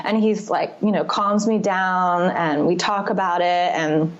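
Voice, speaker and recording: A woman's voice: on the low side, fairly even intonation, a little slow. A woman speaking as a podcast guest, telling a personal story in a candid, confessional, rambling way with many fillers. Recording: slightly muffled podcast audio.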